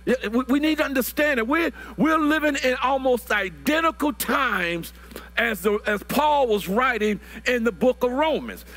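A preacher in his sixties with a high, bright, sharp voice that swings widely in pitch. He builds his sermon into shouted, stretched-out lines, stumbling and repeating words as he goes. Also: animated, moderate pace. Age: 60s.

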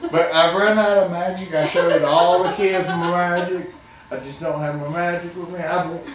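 A man's voice: sits high, fairly even intonation, moderate pace, slight background noise. A man performing as a children's clown and magician, teasing and coaxing a child in folksy playful banter. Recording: echoey room, mic far off.

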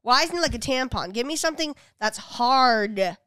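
Young female co-host, rambling and blunt, higher-pitched, clean dry sound. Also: animated, normal speed, a bit bright, clear, resonant tone, no echo. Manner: rambling, full of "like" and restarts, blunt and crude. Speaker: podcast co-host. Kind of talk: casual chat.

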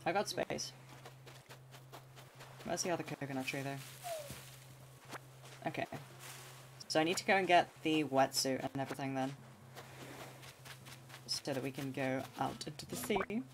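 A woman's voice: extremely low pitch, unhurried, long pauses. A woman streamer casually commenting on her gameplay, chatty and giggly, talking to herself.

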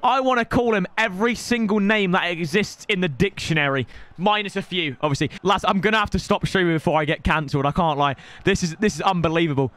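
Guy streaming, ranty and fed up, sharp bright voice. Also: high voice, quick pace, no room sound. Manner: exasperated, ranting. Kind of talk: live gameplay streaming commentary.

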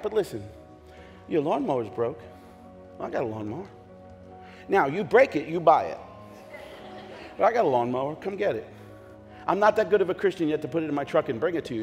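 Brief: male pastor, high voice, joking storyteller with shouted bursts, long echo in a church hall, faint music. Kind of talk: sermon. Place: church sanctuary.

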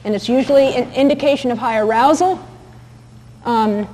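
A woman's voice: a little high, moderate pace, warm tone, long reverb tail, low-quality recording. A woman teaching about dog behavior in a chatty, anecdotal lecture, with many fillers and restarts. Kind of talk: recorded lecture with video clips.

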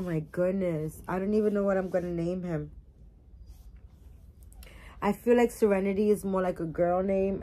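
A woman's voice: lowish voice, dark tone. A woman doll collector vlogging casually as she unboxes a new doll, rambling and emotional as she gushes over it.

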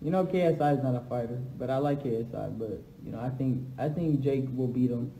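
A young man chatting casually on a phone livestream alone in an empty house, shifting between low, subdued talk and loud, hyped trash talk. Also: brisk, slight background noise. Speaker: livestream host answering fans. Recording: echoey room.

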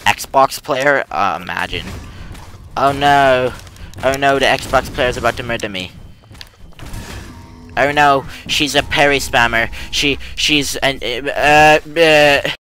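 A man's voice: medium pitch, takes it slowly, sharp tone, soft background music. Goofy young man narrating his gameplay. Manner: goofy, rambling, silly running jokes. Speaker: gaming youtuber. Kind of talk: casual gameplay commentary.

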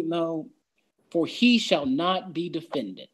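A man's voice: on the high side, lively intonation, unhurried. A man leading a Bible study, speaking casually, reading verses aloud and acting out doubting voices to make his point. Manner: conversational, reads scripture aloud and acts out doubters' voices. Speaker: Bible teacher.

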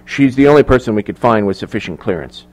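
A man's voice: on the low side, animated, fast, a little mellow, lightly acted. Man voicing a subdued, dutiful guard. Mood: subdued, formal. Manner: formal, reporting, subdued. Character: dutiful male security guard, tense.

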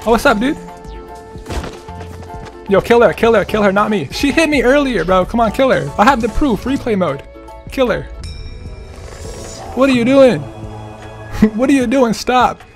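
A man's voice: very high-pitched, expressive, moderate pace, long pauses, faint music behind. A young man giving playful, trolling gameplay commentary, laughing often. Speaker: gaming streamer.

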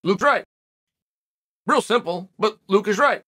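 Bright-voiced man giving emphatic commentary. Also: sits high, animated, measured pace. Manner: emphatic, argumentative, sarcastic asides. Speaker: host. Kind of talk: opinionated commentary monologue.

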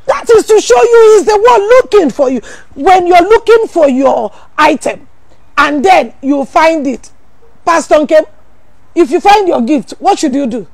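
A woman pastor, preaching a sermon full of rhetorical questions, teasing asides and sudden shouted emphasis. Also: extremely high pitch, expressive, unhurried, creaky, no echo.

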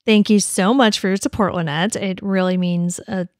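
A woman's voice: medium pitch, steady tone, normal speed, dry recording. Woman podcast host, chatty and apologetic, dry close mic. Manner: chatty, apologetic, laughs often. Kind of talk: casual true-crime podcast narration.

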